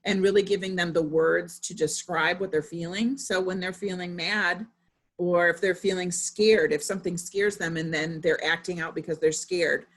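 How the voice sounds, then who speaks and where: A woman's voice: lowish voice, steady tone, normal speed. A woman in her thirties, a parent, giving a casual presentation to parents, chatty and full of personal examples. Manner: conversational, with frequent fillers and personal anecdotes.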